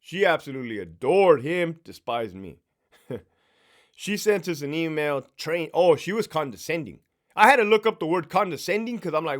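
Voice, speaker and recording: A man's voice: on the high side, normal speed. A middle-aged man, a former prison sergeant, telling blunt, profane stories in a casual monologue. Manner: profane, blunt, animated storytelling.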